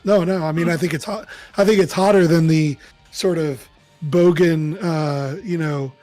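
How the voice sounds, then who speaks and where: Guy chatting and laughing a lot on a call, kinda high voice, faint music in back. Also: steady tone, normal speed, darkish tone. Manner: chatty, boastful, laughs often. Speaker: podcast co-host. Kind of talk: casual chat.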